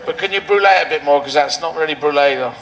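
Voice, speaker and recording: A man performing a stand-up routine on an outdoor rally stage, with a rambling, surreal, playful delivery full of quick asides. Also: fairly high pitch, a bit bright, a little hiss or hum, poor audio. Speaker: stand-up comedian.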